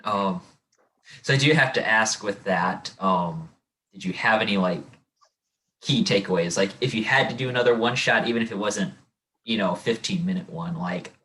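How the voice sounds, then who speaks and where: A man's voice: on the low side, normal speed, pushed and bright, poor audio. A man hosting a podcast interview, asking loose, meandering questions with fillers. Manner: short listening replies, loose rambling questions. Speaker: podcast host. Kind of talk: casual interview.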